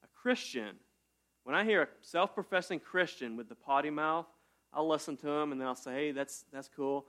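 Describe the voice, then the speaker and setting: A man preaching a casual sermon in a church, talking to his congregation like friends. He jokes often and breaks into sudden loud bursts before settling back down. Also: fairly high pitch, a little fast. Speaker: pastor. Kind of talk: conversational sermon.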